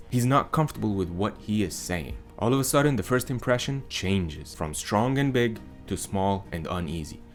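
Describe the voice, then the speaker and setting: A man teaching as a voice coach in a calm, measured scripted monologue, letting his statements fall at the end. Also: fairly low pitch.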